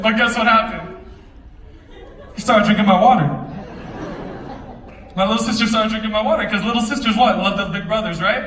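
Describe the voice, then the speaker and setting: Brief: young male stage speaker, high voice, energetic and joking, echoey hall with an audience. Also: brisk, long pauses, distant mic, a faint crowd, slight background noise. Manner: energetic, joking, chatty slang. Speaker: motivational speaker. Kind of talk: stage storytelling talk.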